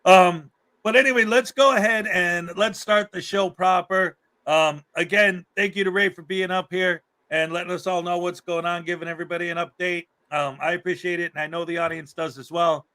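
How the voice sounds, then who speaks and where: A man's voice: high-pitched, fairly even intonation, normal speed, bright, forceful tone. A man hosting a livestream in casual chat, upbeat and repeating words for emphasis. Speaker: livestream host.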